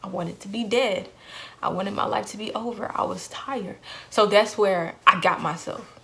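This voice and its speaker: A woman's voice: mid-range voice, normal speed, gravelly. A young woman vlogger telling a painful personal story in an earnest way, repeating phrases for emphasis.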